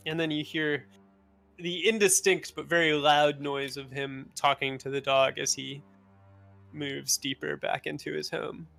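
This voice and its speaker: Man, game master, relaxed and rambling, somewhat high voice. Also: a little slow, gravelly, faint music behind. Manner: relaxed, rambling, with filler words. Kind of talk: narrating a tabletop game.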